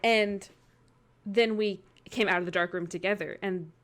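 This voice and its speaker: A woman's voice: mid-range voice, fairly even intonation, normal speed, fairly bright tone. A woman hosting a casual chat, telling rambling anecdotes and laughing easily. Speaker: host.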